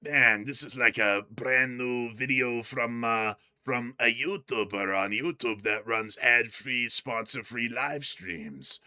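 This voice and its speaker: A man hosts a casual livestream news rundown, joking as he goes and tripping over his words. His voice is bright and forceful. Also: medium pitch, takes it slowly, hardly any pauses. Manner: jokey, loose, stumbles over words. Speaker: host of a war news livestream.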